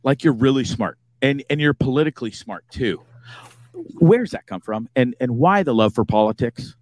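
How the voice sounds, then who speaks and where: A man hosting a podcast, he talks in a friendly, rambling way, stumbling and restarting his sentences often. His voice sits at a middling pitch and is recorded dry and close. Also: animated, moderate pace, darkish tone, no room sound. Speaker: podcast host. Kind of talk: casual chat.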